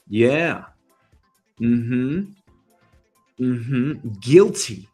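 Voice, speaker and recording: A man's voice: medium pitch, expressive, moderate pace, husky, soft background music. A man hosting his own casual news commentary show, rambling and swearing with a swaggering, loose manner. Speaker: host.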